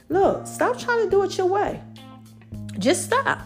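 A woman's voice: very high-pitched, huge pitch swings, a little slow, pauses often, faint music behind. A woman hosting a podcast, giving playful, preachy encouragement in casual slang. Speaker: podcast host. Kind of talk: casual motivational podcast talk.

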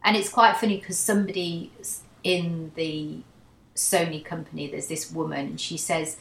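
Low-voiced female podcast co-host, casual and chatty, roomy echo. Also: steady tone, normal speed, vocal fry. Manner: chatty, laughs while retelling scenes. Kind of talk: casual book chat.

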